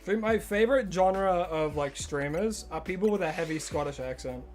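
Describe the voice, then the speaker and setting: A man's voice: high voice, moderate pace, a little mellow, soft background music. A man with an Australian accent streaming a game live and chatting casually with viewers in a joking way, his voice prone to cracking. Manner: jokey, greets and answers chat readers. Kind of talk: casual live-stream chat while gaming.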